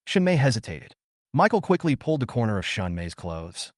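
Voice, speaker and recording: Lively male story narrator. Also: medium pitch, brisk, no room sound, clean studio sound. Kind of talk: scripted narration.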